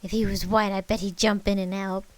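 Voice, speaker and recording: A woman's voice: mid-range voice, little pitch movement, brisk, natural voice. Woman voicing a furious grieving grandmother. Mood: accusing. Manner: yelling and accusing.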